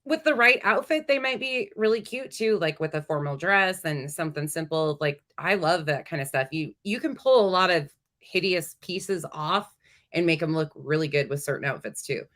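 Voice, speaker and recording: Low-voiced woman giving blunt reaction commentary. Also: animated, moderate pace, fairly bright tone. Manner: blunt, casual, frequent fillers. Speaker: commentary host.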